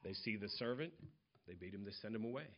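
A man with a somewhat low voice preaches a sermon, working through scripture verse by verse in a plain, conversational way. The recording sounds dull and lo-fi. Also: expressive, quick pace. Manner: conversational expository preaching, retelling parables in casual voices.

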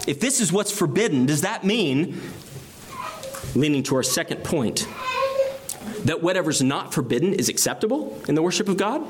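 Lively-pitched male preacher expounding scripture. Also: moderate pace, long pauses. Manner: earnest expository preaching, quoting scripture. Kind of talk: sermon.

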